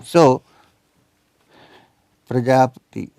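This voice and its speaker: A man's voice: medium pitch, slow pace, long pauses, warm tone, no echo. A man in his seventies giving a spiritual lecture, quoting scripture and Sanskrit and asking his listeners questions. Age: 70s. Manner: quotes scripture and Sanskrit, asks the audience questions.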